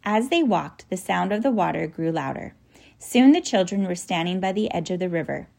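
A woman narrating a children's storybook in a soft, even, descriptive manner. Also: on the low side, normal speed, creaky. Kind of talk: audiobook storytelling.

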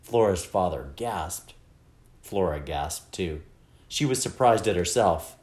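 A man reading a children's novel aloud with expressive, wide-ranging storytelling. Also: low-pitched, slow, reverberant. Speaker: audiobook narrator. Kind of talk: scripted narration.

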